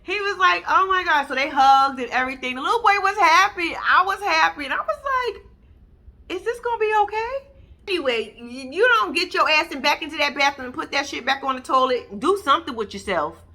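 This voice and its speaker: Sassy, bright-voiced woman recapping reality TV. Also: fairly quick, hardly any pauses. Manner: sassy, blunt, talks straight to viewers; swoops up high when excited. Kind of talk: casual recap commentary.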